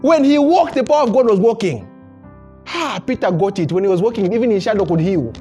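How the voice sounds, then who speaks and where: A man's voice: high-pitched, fairly quick, faint music behind. A man preaching a sermon to a congregation. He chuckles often and restarts his phrases as he builds his point. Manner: animated preaching with frequent chuckles and repeated words. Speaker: pastor. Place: church service before a congregation.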